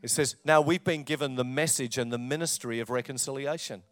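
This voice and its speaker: A man, a pastor preaching a sermon, with loud emphatic lines and quiet asides. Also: medium pitch, fairly quick, no room sound. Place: church.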